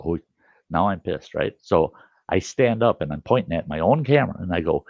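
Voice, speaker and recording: An older man spins a camp yarn in a low, gravelly voice, getting animated as he acts out arguments. The recording is dry and a little dull, with no room sound. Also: a little fast, no room sound. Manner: animated, acts out yelling at his camera. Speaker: storyteller host. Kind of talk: casual campfire storytelling.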